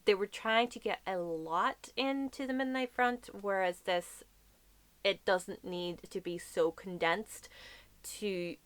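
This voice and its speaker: Woman, chatty book review, medium pitch, dry close sound. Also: fairly bright tone, dry recording. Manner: chatty and effusive, casual swearing. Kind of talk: casual monthly book wrap-up.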